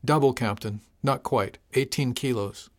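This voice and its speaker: A man's voice: medium pitch, unhurried, close to an everyday voice. A man reading an audiobook, voicing a wary, earnest young male spacer who answers in hesitant, clipped replies. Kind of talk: audiobook character voice.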